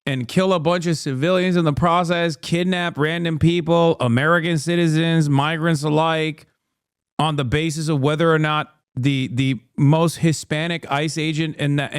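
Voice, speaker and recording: A sarcastic young-sounding male streamer rants through casual political commentary, heavy on profanity and mock disbelief. His voice sits high and is recorded dry and close. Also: smooth, no room sound. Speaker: streamer host.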